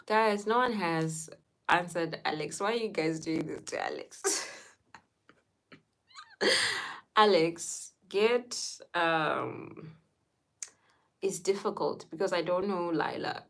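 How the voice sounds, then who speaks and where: Woman, low unhurried voice, chatty streamer who laughs a lot and reads out viewer names. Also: a bit bright, low-quality recording. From Zimbabwe. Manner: laughs often, answers viewers by name. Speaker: live streamer reading chat. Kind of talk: casual storytelling to a live chat.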